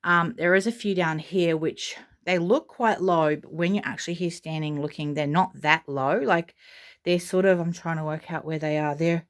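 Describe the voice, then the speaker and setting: An Australian woman talks her way through a casual tour of a nursery at home. Her voice sits a little low, and she gushes softly and rambles with plenty of fillers. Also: fairly even intonation, moderate pace. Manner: soft-spoken, gushing, rambling with fillers. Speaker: vlogger.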